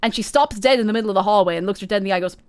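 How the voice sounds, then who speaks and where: A woman streaming a video game, spinning rambling, excited jokey stories. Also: medium pitch, very fast, clean tone. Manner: excited, rambling, laughing asides.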